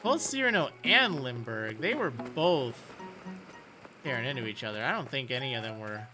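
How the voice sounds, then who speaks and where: A man's voice: medium pitch, expressive, moderate pace. A man streaming a life-sim game in casual commentary, chatting and laughing often as he talks to the characters. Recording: game music playing loud. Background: game music.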